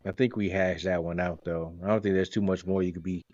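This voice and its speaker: A man's voice: sits low, fairly even intonation, a little fast, darkish tone, no room sound. A man in his forties hosting a podcast, telling rambling stories in a joking, casual way. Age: 40s. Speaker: podcast host. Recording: dry, dull lo-fi sound.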